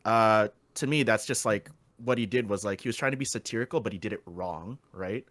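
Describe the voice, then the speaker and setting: A man's voice: on the low side, brisk, a bit bright, no room sound. A man co-hosting a casual podcast chat, rambling with lots of fillers and swearing freely. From Philippines. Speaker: podcast co-host.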